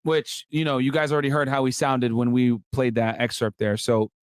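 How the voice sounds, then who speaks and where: Brief: male podcast host, casual joking commentary, mid-pitched, dry close mic. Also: flat delivery, moderate pace, dry recording.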